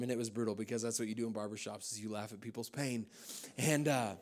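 A man's voice: medium pitch, fairly quick. A man from the United States, a pastor, preaching a sermon at a church service, telling stories with humor and loose fillers.

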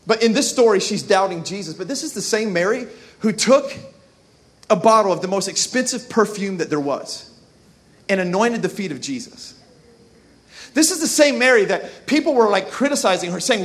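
This male pastor's voice is high-pitched with lively intonation at a moderate pace. Preaching with passion, he leads call-and-response, urging the congregation to repeat words and respond.

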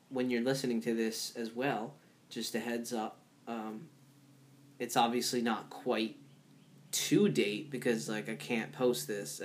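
A man hosting a podcast solo, chatting in a rambling, loose way full of fillers and restarts, laughing at his own remarks. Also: medium pitch. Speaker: podcast host. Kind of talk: casual solo podcast talk.

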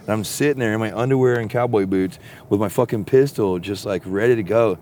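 A man telling a long story in a profane, rambling, casual way that turns animated when he gets excited. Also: lowish voice, fairly quick, a little hiss or hum. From Texas.

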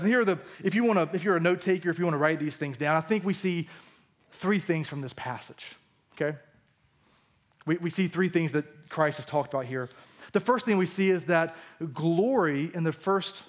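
A male pastor preaching a sermon in a church, acting out the disciples' lines as he goes. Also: fairly high pitch. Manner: animated, acts out the disciples' lines.

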